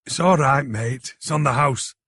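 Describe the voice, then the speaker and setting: A man's voice: medium pitch, moderate pace, a bit bright, husky, dry recording, studio quality. A man reading an audiobook plays a cheeky young man from the city who teases his friend about computers. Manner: cocky, bantering. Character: cheeky young London tech-savvy man.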